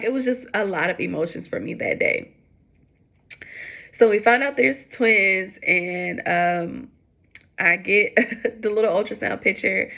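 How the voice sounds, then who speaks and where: A young adult woman casually telling her pregnancy story to the camera, chatty with lots of fillers, jumping high when she acts out what people said. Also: creaky, pushed and bright. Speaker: vlogger.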